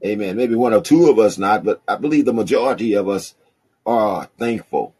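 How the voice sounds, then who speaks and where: A male pastor from the rural South with a country accent, preaching and reading scripture in a husky voice with a swelling, pausing cadence. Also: fairly low pitch, a little mellow. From rural American South. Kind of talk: sermon.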